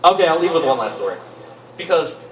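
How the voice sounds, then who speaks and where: A young man doing rambling open-mic stand-up comedy in a cafe, with deadpan asides. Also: on the high side, fairly quick. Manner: rambling, deadpan asides, lively swings into mock voices. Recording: roomy cafe with faint noise, distant mic.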